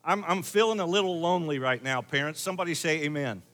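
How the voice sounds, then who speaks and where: Brief: middle-aged man, pastor, a touch high-pitched, conversational sermon with loud pushes and soft asides. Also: fast talker. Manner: conversational, varying loud emphasis and quiet asides.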